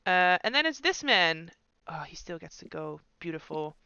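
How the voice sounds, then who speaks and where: A man narrates a tabletop game as its game master, and his voice comes across bright and very crisp. He talks in a relaxed, chatty way. The sound is dry and a little dull. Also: fairly high pitch, no room sound. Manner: relaxed, chatty, puts on quick voices for figures.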